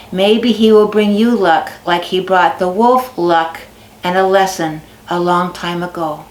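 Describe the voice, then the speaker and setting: Lively woman storyteller in an echoing barn. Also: medium pitch. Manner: lively, with dramatic stretched words. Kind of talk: storytelling to children. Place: basket making barn. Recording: echoey barn recording.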